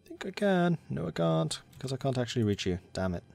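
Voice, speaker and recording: A man's voice: medium pitch, very animated, a little fast, gravelly, darkish tone, soft background music. A man commentating a strategy game, thinking aloud and talking to the game's factions as he plays. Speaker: gaming channel host.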